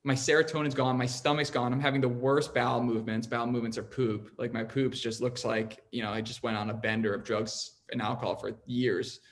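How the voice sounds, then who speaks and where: A man's voice: medium pitch, little pitch movement, fairly quick, few pauses, slight background noise. Young man telling a story, filler-heavy. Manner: rambling, heavy use of "like", earnest. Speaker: podcast host telling his own story. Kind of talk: casual podcast storytelling.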